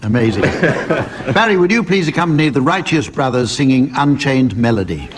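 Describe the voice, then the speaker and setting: Deadpan male chairman of a comedy panel game. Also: mid-range voice, moderate pace. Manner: deadpan, mock-grand. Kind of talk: dry scripted comic introductions. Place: radio studio before a live audience. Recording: loud audience laughter and noise.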